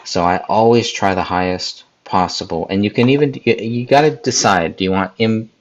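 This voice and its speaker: A man's voice: fairly low pitch, moderate pace, highs cut off. A man hosting a live editing tutorial, casually talking viewers through each step and speaking to people in the live chat. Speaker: podcast host.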